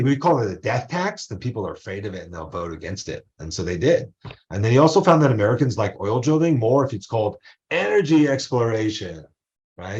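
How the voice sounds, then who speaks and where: Lowish guy teaching a class online, rambly chatty asides, muffled lo-fi mic. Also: a little mellow. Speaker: college professor. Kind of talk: casual online lecture.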